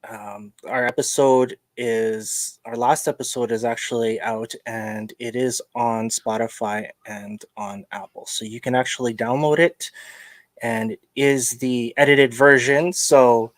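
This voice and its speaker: A man's voice: medium pitch, fairly even intonation, a little slow, no echo. A man hosting a casual livestreamed podcast, chatting and joking, greeting viewers with plenty of fillers. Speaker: podcast host.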